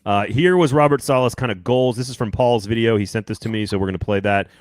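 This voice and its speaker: Fast-talking man hosting a sports show. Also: medium pitch, no echo, studio quality. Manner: quick, rambling, joking. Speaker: podcast host. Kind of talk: casual sports chat.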